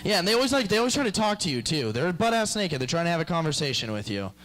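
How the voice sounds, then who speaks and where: A man's voice: a little high, very animated, racing, a bit bright, rough recording. A young man performing a stand-up comedy set in a club, rambling through stories and acting out the people in them. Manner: rambling storyteller acting out characters.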